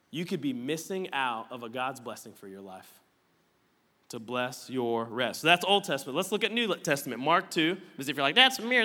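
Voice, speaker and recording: A man's voice: medium pitch, sharp tone. A man preaching a sermon as a pastor, conversational and playful, with joking asides to the congregation. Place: church auditorium with slides. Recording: long hall reverb.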